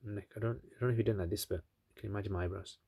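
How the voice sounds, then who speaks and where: A man's voice: on the low side, very fast, gravelly, warm tone, husky, dry recording, studio quality. A man casually retelling a religious story, chatty with many asides and fillers.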